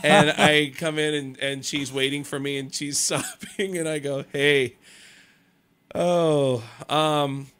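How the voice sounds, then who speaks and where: Guy in his 30s spinning a funny story on the radio, kinda high voice, trips over words, does all the voices. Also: moderate pace, hardly any pauses. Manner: animated, stammering repeats, acts out voices. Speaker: comedian guest.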